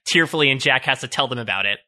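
A man co-hosting a casual podcast, talking through a show with enthusiasm and quick asides. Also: mid-range voice, lively intonation, pushed and bright. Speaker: podcast co-host. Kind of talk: casual chat.

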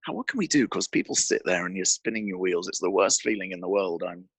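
A man talking as a podcast guest, telling an animated story and restarting phrases with repeated words. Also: sits low, quick pace, husky, dry recording. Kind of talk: conversational interview storytelling. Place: indoor studio with a mic.

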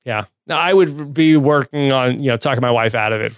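Male podcast co-host, mid-pitched, easygoing recap delivery, dry close-mic sound. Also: fairly quick, no echo. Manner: relaxed, recapping scenes with easy laughs. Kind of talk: casual episode recap chat.

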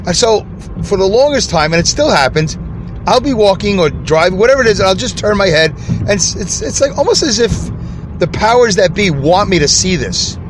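A man's voice: sits high, sing-song, a little fast. A man hosting an unscripted solo podcast from inside his car, chatty and rambling, easily sidetracked. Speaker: podcast host. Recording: car interior with traffic noise. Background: traffic and street noise.

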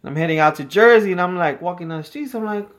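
A relaxed man co-hosting a casual podcast, a little tipsy from whiskey. He talks loosely and breaks into laughter often. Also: high-pitched, fast talker. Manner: laid-back, laughs often. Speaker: podcast co-host. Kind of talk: casual chat.

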